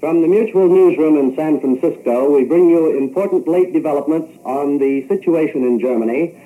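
A man's voice: on the high side, moderate pace, narrow, tinny audio. A man formally introducing a correspondent from a 1940s radio newsroom. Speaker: newsroom announcer.

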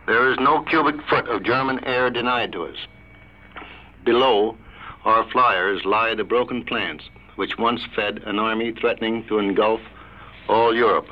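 A male air force commander reading a formal, prepared statement over the radio, deliberate and stiff. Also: medium pitch. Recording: muffled lo-fi 1940s radio relay.

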